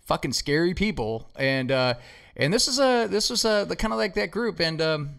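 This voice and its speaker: A man hosting a podcast, telling stories in casual chat, swearing a lot and acting out quotes loudly. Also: a little high, expressive, normal speed, vocal fry. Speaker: podcast host.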